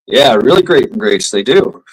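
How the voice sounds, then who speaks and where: Laughing and swearing often, a man on his live stream rambles casually through a story, filling it with fillers and sentence restarts. His mid-range voice is husky and expressive at a measured pace, captured in a rough recording.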